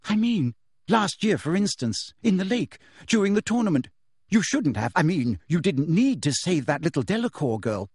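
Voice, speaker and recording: A man's voice: high-pitched, very animated, normal speed, darkish tone, breathy edge, no echo, clean studio sound, pitched above the performer's own voice, full character voice. A man reading aloud and voicing an anxious, insistent teenage witch girl who pleads and reasons hesitantly. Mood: pleading.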